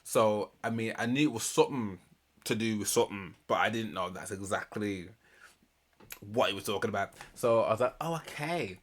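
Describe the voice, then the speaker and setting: A man's voice: fairly low pitch, fairly even intonation, normal speed. A man giving casual, slangy reaction commentary on a reality show, retelling scenes with laughs. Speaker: reaction channel host.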